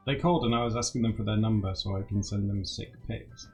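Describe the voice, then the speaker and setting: A man's voice: lowish voice, quick pace, a little mellow, highs cut off, soft background music. A man chatting casually on a live stream, giggly and playful. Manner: giggly, playful, bouncing between voices.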